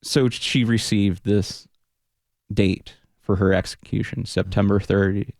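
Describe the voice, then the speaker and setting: The speaker, a man who teaches Buddhism and fronts a punk rock band, talks in a lowish, darkish voice with fairly even intonation and a slightly slow pace. During the reflective radio studio interview he's earnest, often trailing off and restarting as he searches for words. No room sound is heard.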